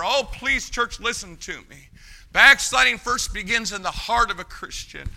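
A man preaching a sermon to his church, shifting from quiet asides to loud, shouted emphasis. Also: sits high, animated, normal speed, gravelly. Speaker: pastor. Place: church sanctuary.

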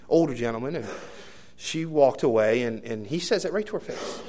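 A man preaching a sermon, telling a personal story with many fillers and restarts, moving between hushed asides and loud emphatic bursts. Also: mid-range voice, animated, moderate pace. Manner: rambling anecdotal delivery with many fillers and restarts.

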